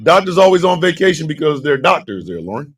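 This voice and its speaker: Man, radio host, heated profane commentary, wildly swinging pitch, husky gravelly voice. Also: big pitch swings, quick pace. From United States. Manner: profane and fiery, bursts into shouting, laughs at himself. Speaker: radio morning show host.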